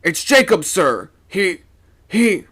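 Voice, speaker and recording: Male narrator voicing a scared sailor, stammers, shaky, pitched high. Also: sing-song, slow pace, a bit bright, husky, heavily acted. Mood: shaken. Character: frightened male first mate on a ship.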